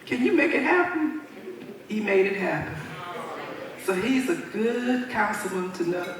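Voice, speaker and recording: Older woman speaking slowly in an echoey hall. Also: mid-range voice, lively intonation, a crowd in the background. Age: 70s. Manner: chuckling, loose speaker who restarts phrases. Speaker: guest of honor giving a thank-you speech. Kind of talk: warm, unscripted storytelling speech. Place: large event hall at a birthday party. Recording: echoey hall recorded from far off.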